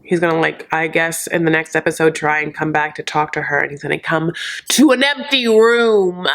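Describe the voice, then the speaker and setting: A woman hosting a comedic reality-show recap in a sassy, campy style, firing off quick asides and calling listeners honey. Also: low-pitched, monotone, gravelly, a bit bright.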